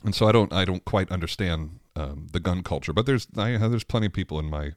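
Here a man with a deep voice and a brisk delivery hosts a podcast solo, chatting loosely, cutting himself off and laughing a lot as he goes. The sound is clean studio audio with no echo.

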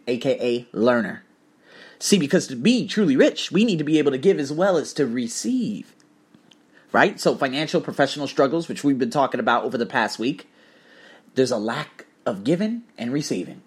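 A man's voice: mid-range voice, husky. A man hosting a podcast, talking in a casual, profane, preachy way as he tells stories and gives advice. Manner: animated, profane, preachy storytelling. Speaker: podcast host. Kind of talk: casual motivational podcast monologue.

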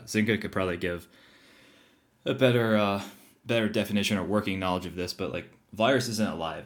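A man's voice: low voice, a bit bright. A man co-hosting a podcast, chatty and jokey, often hesitating mid-sentence. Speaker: podcast co-host. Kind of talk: casual podcast chat.

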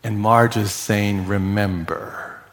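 A man preaching a sermon as pastor, telling a story slowly with heartfelt quoted dialogue. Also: mid-range voice. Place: church sanctuary. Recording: long reverb of a church sanctuary.

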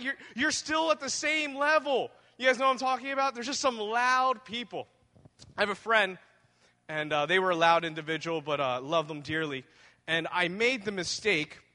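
A man's voice: high voice, sharp tone. A man pastor preaching a sermon in a conversational, humorous way, talking directly to his congregation in a church hall. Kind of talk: sermon with personal storytelling.

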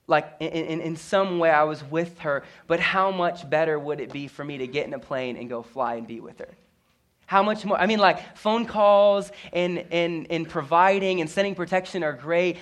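A man preaching a sermon as pastor, telling a story earnestly with stammered restarts and repeated words. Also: a little high.

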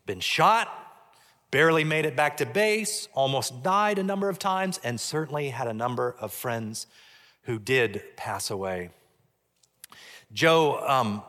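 A man preaching a sermon as pastor, measured, dropping low and soft on key points. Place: church sanctuary. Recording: long church reverb.

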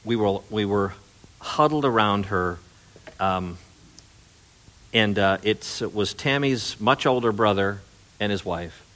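A middle-aged man delivers a sermon in a relaxed, folksy style full of restarts. His voice sits on the low side, climbing when a story excites him and sinking to a soft, earnest hush when he presses his point. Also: slow pace, pauses often. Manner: conversational storytelling, rising excitedly then dropping to soft earnest appeals. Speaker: pastor.

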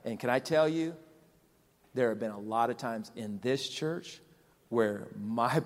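A male pastor preaching a sermon, repeating phrases with emphasis and swinging between loud and soft. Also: mid-range voice, lively intonation, takes it slowly. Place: large church hall. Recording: long hall reverb with soft music behind.

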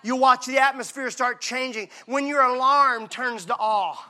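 At a measured pace, a male pastor preaches a sermon in a high-pitched, bright and forceful voice. He is emphatic throughout, lowering to hushed intimacy and then raising his voice to shouts.

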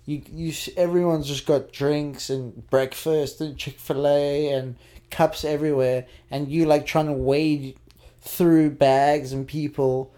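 A man's voice: a little high, level tone, measured pace, mellow. A young man co-hosting a casual chat, rambling and saying "like" often. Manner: rambling, heavy use of "like". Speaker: podcast co-host.

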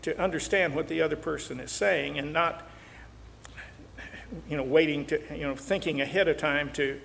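An older man with a somewhat high voice teaches about marriage in a folksy, joking way. His voice rings in a long reverb. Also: steady tone, normal speed, gravelly, a bit bright, a little hiss or hum. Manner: folksy, joking, acts out quotes. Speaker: marriage counselor. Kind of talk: talk show teaching.

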